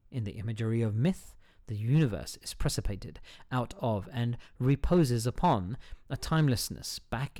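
A man's voice: medium pitch, darkish tone, no room sound, studio quality. A man hosting a casual solo podcast, reading a book aloud, stumbling over hard words, cursing at himself and breaking off with joking asides. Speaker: podcast host.

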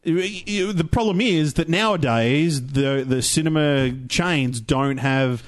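Male podcast co-host, slightly high voice, halting, sweary, agreeable. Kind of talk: casual podcast banter.

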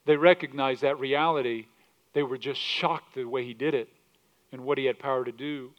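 A man's voice: mid-range voice, fairly even intonation, normal speed, dull audio. A male pastor preaching a sermon, reading scripture aloud in old English and putting direct questions to his congregation.

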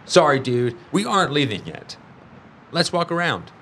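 A man's voice: fairly high pitch, sing-song, normal speed, creaky, pushed and bright, a little hiss or hum, pitched above the performer's own voice, heavily acted. A man voicing a casual, bossy teenage older brother. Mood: pushy.

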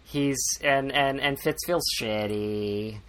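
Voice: mid-range voice, slow, fairly bright tone, smooth. A podcast host recapping a book in casual chat, rambling, sarcastic and swearing freely.

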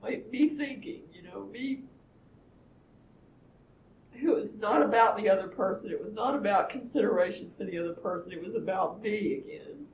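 A woman's voice: mid-range voice, normal speed, a little hiss or hum. A woman at a training workshop pouring out her anger, swearing and near tears, recorded in a room with a group around her. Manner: angry, swearing, pouring out frustration. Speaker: workshop participant. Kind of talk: emotional group process sharing. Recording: muffled roomy workshop recording.

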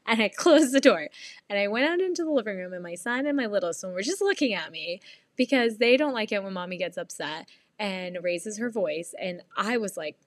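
A woman's voice: mid-range voice, expressive, a little fast, no room sound. A woman in her thirties talking candidly to camera as a mom vlogger, earnest and rambling, often laughing as she tells the story. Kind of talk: candid confessional vlog.

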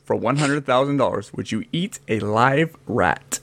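A man's voice: mid-range voice, a little slow, vocal fry, fairly bright tone. A man hosting a casual chat who jokes around and goads his guest with playful questions. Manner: joking, playful, goading questions. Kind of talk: casual conversation.

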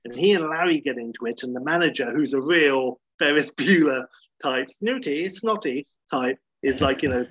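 A man's voice: mid-range voice, moderate pace, fairly bright tone, breathy edge, no echo, lo-fi sound. A man casually retelling a comedy episode, chatty and full of fillers. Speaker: comedy recapper.

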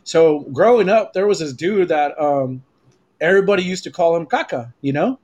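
A man with a notably high voice spins a rowdy anecdote on a podcast. He swears freely, slips into Spanish, and acts out the scene as he goes. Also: moderate pace, dull audio. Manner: animated storyteller, profane, mixes Spanish. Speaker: photographer and podcast guest. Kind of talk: casual podcast storytelling.

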